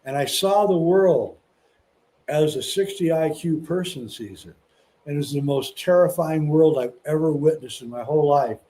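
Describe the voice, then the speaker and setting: A man's voice: a little high, normal speed, warm tone. A man guest on a podcast, telling a personal story earnestly and stumbling over restarts. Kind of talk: casual storytelling.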